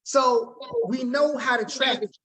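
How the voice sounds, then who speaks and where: A man's voice: very high voice, fairly even intonation, unhurried, a loud crowd. A man coaching his team on a group video call, upbeat and slangy, talking straight to the group and checking in with them often.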